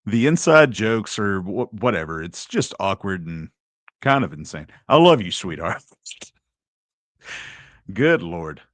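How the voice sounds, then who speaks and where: A man's voice: low voice, very animated, takes it slowly, pauses often, a bit bright, dry recording. A man hosting an online commentary show, talking in a sarcastic, mock-indignant way. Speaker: host. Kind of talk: casual commentary.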